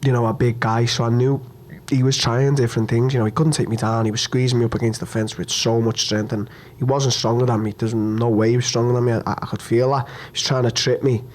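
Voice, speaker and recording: A man's voice: medium pitch, flat delivery, darkish tone. A young man, answering questions at a post-fight press conference, upset and hurt after a loss, blunt, stumbling over his words and swearing. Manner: blunt, repetitive, swearing, halting restarts.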